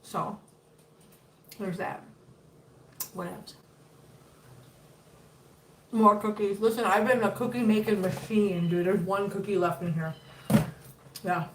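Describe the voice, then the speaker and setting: A woman's voice: fairly even intonation, slow pace, pauses often. Chatty fifty-year-old woman livestreaming from across a roomy space. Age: 50s. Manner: chatty, talks to viewers and cats in a high cooing baby voice. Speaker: livestream host. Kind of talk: casual livestream chat. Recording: roomy, picked up from a distance, faint noise.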